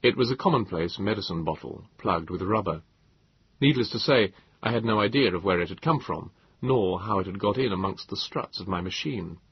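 A man narrating an audiobook in first person, with a measured storytelling delivery. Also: on the low side, expressive, husky. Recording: dull lo-fi, dry.

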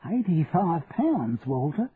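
Guy doing a shy older wife, high and soft, faint hiss. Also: big pitch swings, slow. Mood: eager. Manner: raised and soft-spoken. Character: timid older wife, humble and kindly. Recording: tinny lo-fi radio recording, faint hiss.

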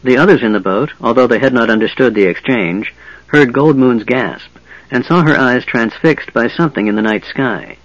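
A man narrates a fantasy audiobook in a steady, measured delivery at a middle pitch. The recording is dry and a little dull. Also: no echo.

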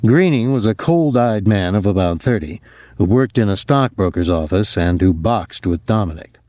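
A man reading a novel aloud in steady audiobook narration on a close mic. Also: on the low side, normal speed, no room sound.

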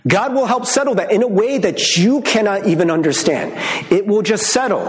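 A pastor gives a casual, conversational sermon, laughing easily as he speaks. His voice sits high and swings widely in pitch. The sound carries a roomy echo. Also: normal speed. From Michigan. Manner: conversational and animated, with frequent laughs.

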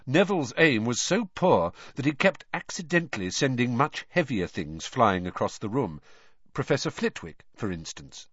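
A man reads an audiobook in a measured, expressive way, his pitch rising and falling vividly. His voice is somewhat husky. The recording is dry, close and dull. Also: dry recording. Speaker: audiobook narrator. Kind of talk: scripted narration.

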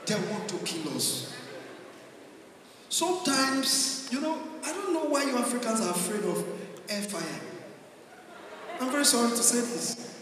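A man doing stand-up comedy in mock-formal addresses, punchy and loud at times. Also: very high voice, sing-song, a little slow, pauses often. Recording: roomy hall, far from the mic, noisy.

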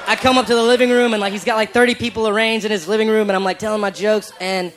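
A male stand-up comedian telling an animated story onstage, laughing and shouting the punchlines. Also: sits high, fast. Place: comedy stage before a live audience.

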